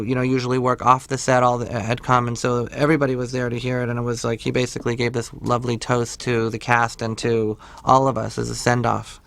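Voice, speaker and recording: A man in an interview, earnest and measured as he recalls a farewell speech. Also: medium pitch, fairly bright tone, clear, resonant tone. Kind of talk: interview reminiscence.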